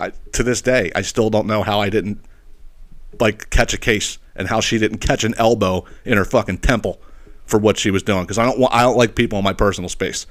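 A man hosting a podcast, telling a story as a profane, exasperated solo rant and checking in with listeners with a constant "okay?". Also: mid-range voice. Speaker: podcast host.

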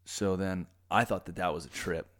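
A podcast host from Orange County, California, tells a personal story in casual chat, speaking at a normal speed in a low-sitting voice. He's animated and acts out the people he quotes.

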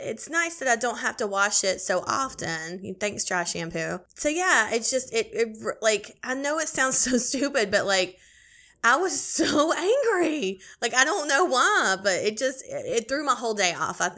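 A woman co-hosting a podcast, chatting casually and telling an animated, swearing, laughing story. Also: a little high, moderate pace. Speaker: podcast co-host. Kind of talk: casual chat.

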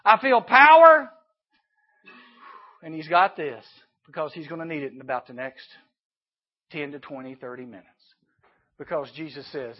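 A man preaching a sermon to youth campers, animated and emphatic, dropping suddenly to a hush. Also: fairly high pitch, unhurried, pauses often, highs cut off. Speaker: youth camp speaker.

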